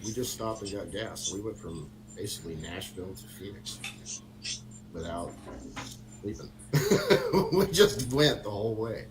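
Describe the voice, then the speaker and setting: A man's voice: on the low side, lively intonation, a little slow, background noise. Rambling, laughing middle-aged man. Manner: rambling, laughs often, many fillers. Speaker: guest on a motorcycle talk stream. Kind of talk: casual storytelling chat.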